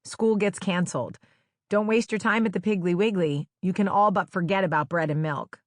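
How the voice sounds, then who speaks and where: A woman from New Jersey reads her own memoir in a wry, conversational storytelling style, slipping into playful quoted dialogue. Her voice sits somewhat low for a woman. The recording is close and dry, with no room sound. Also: normal speed, dry recording. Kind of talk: audiobook memoir narration. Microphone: close studio microphone.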